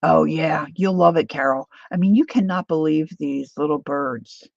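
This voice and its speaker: A woman's voice: low voice, normal speed, vocal fry, a little mellow, no echo. A woman hosting a live crafting stream, rambling and poking fun at herself while she greets viewers by name. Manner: rambling, self-deprecating, chats with viewers by name. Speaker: craft livestream host. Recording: dull lo-fi sound.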